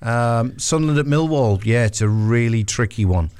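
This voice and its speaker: A man co-hosting a radio football show, giving his match picks in casual chat, pausing often. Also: mid-range voice, expressive, a little mellow, smooth. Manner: hesitant, fills pauses with um and uh. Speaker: radio co-host.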